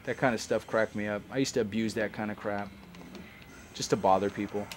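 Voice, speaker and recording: A man's voice: on the low side, steady tone, brisk, slight background noise. A man giving casual, rambling commentary as he plays a game, chatting like a longtime fan. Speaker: let's play host.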